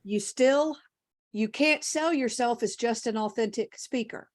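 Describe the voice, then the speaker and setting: A woman's voice: a little high, measured pace. A woman speaker, talking animatedly in a conversational interview and telling her own story. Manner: animated, storytelling, emotional at times. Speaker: keynote speaker, guest.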